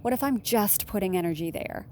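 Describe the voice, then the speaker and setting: A woman relationship consultant speaks alone in a frank, unfiltered advice monologue and swears freely. Her voice sits at an ordinary middle pitch, and she jumps up sharply when she stresses a point. A faint hiss of background noise sits under the recording. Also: brisk. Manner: blunt, candid, swears casually; animated, with sudden emphatic jumps in pitch.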